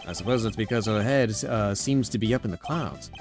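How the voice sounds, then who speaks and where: Man doing a low, dry prosecutor. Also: soft background music, close to an everyday voice. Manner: measured, formal, reserved. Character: cool, dry male prosecutor, young adult. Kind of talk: game dialogue read aloud.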